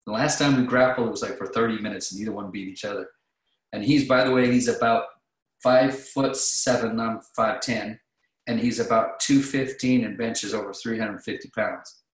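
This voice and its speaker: Guy on a podcast telling stories fast and animated, lots of restarts, echoey room. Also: fairly low pitch. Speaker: vocal coach guest. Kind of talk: casual podcast storytelling.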